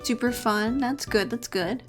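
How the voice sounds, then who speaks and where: A woman's voice: on the high side, unhurried. Chatty woman streamer over game music. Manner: chatty, laughs often. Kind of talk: casual game livestream.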